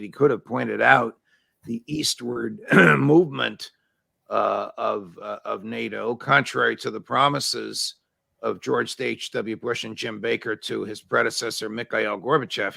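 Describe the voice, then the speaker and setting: A man hosting an interview, asking brisk, pointed questions. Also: mid-range voice, gravelly, bright, forceful tone, dry recording. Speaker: interview host.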